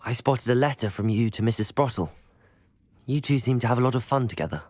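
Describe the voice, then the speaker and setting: A man's voice: mid-range voice, fast talker, a little mellow, no echo, natural voice. A man voicing a polite young male student hero in a video game.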